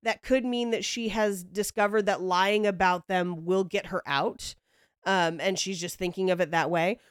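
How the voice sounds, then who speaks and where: Woman, podcast host, casual storytelling, animated, clear smooth voice, dry close sound. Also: mid-range voice, moderate pace, no echo. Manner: animated, acts out quotes, laughs often.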